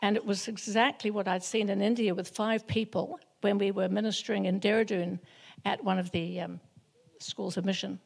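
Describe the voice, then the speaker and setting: A woman giving an earnest, emotional personal testimony to a small group, with halting restarts. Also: mid-range voice, steady tone, gravelly. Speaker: church member sharing a testimony.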